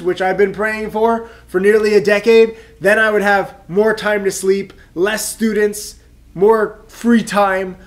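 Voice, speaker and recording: A man in his thirties with a stuffed-up head cold, talking straight to camera as a trading mentor in an emphatic, rambling, self-assured way. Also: high-pitched. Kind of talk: direct-to-camera vlog monologue.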